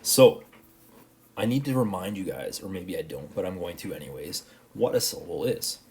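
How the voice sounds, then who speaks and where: Deep-voiced man teaching a lesson. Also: animated, normal speed, darkish tone. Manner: explains patiently, checks in with "right?". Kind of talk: recorded classroom lesson.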